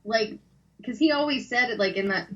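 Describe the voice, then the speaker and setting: A woman's voice: a little high, moderate pace, fairly bright tone. A woman hosting a podcast in casual chat, rambling and swearing freely, with a dull lo-fi sound. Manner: profane, rambling chatter.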